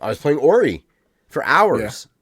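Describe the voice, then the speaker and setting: A man co-hosting a podcast in casual chat, animated and rambling, swearing now and then. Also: on the high side, unhurried, slightly rough, dry recording, clean studio sound. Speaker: podcast co-host.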